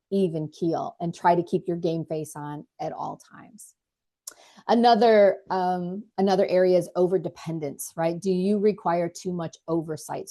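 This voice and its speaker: A woman's voice: lowish voice, dark tone. A woman hosting a leadership podcast, giving earnest, direct career advice in a casual coaching monologue and often repeating words as she thinks.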